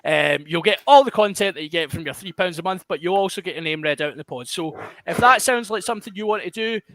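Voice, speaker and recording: Man, Glaswegian accent, podcast host, high bright voice, dry close sound, jokey chat. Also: fast, no room sound. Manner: jokey, self-mocking, chatty.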